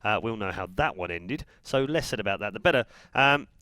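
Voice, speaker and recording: A man's voice: fairly low pitch, animated, brisk, pushed and bright, clean tone, no echo. English man chatting through esports commentary. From England. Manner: chatty, joking banter with co-caster. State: getting a sore throat. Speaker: esports caster.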